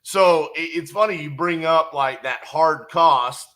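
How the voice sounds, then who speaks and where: A male podcast host keeps the talk easy, asking questions and tossing in quick affirmations, calling his guest "bro". His voice is bright and a little high. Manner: easygoing, short affirmations, calls the guest "bro". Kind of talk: casual interview.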